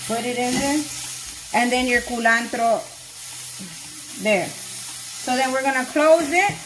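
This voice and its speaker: A woman with a slightly high voice walks viewers through a home recipe in loose, slangy, excitable talk. Her kitchen is noisy, with food frying and sizzling clearly behind her. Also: takes it slowly. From Miami-Dade, Florida. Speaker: home cook vlogger. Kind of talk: casual cooking demo.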